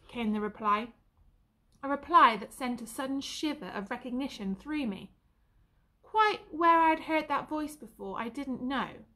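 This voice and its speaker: A woman teacher reading a novel aloud in a measured, expressive way. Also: sits high. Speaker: primary school teacher.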